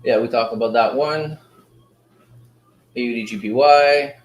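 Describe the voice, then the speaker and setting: A man runs a live forex trading stream in a loose, slangy chat with his viewers. He gets excited as prices move, and his voice sits at a middle pitch. The room around him sounds roomy and echoey. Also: a little slow, highs cut off. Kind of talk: casual live trading commentary. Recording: roomy echo.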